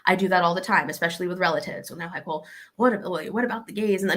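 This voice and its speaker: A young woman with a Southern American accent giving casual, animated advice and acting out the exchanges she describes. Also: fairly low pitch, fairly quick. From Arkansas, USA. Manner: animated, acts out quoted exchanges.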